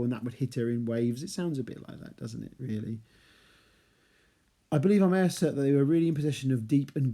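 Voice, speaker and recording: A man's voice: medium pitch, warm tone. A man giving a chatty literature lesson, reading passages and explaining them with playful asides. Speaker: literature teacher. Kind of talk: chapter analysis lesson with read passages.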